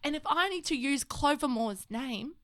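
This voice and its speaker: A woman's voice: sits high, expressive, moderate pace, fairly bright tone, dry recording. A woman improvising as a self-important crocodile-egg collector, earnest and rambling as she over-explains herself. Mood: self-assured. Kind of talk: improvised comedy.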